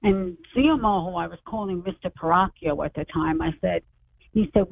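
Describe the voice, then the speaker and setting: A woman in her sixties, an author appearing as a radio show guest, tells her story animatedly and acts out the voices of people she quotes. Her voice is lowish and slightly rough at a moderate pace, heard through a phone on a tinny line.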